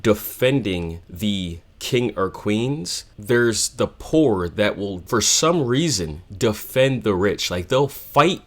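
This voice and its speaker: A man's voice: lowish voice, lively intonation, takes it slowly, hardly any pauses. A man hosting a music reaction video, talking earnestly and rambling with fillers between song plays. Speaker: music reaction channel host.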